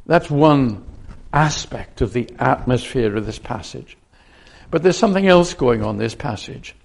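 A man's voice: mid-range voice, lively intonation, unhurried, gravelly, husky. A man preaching a sermon, earnest, often restarting and repeating phrases as he explains a Bible passage.

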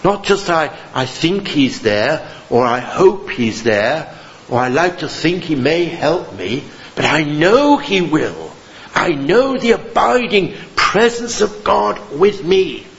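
A man preaching a sermon, earnest and solemn, swelling on some phrases and sinking to a hush on others. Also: on the high side, big pitch swings, vocal fry, lo-fi sound. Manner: earnest, slow and solemn, with dramatic rises and hushed drops.

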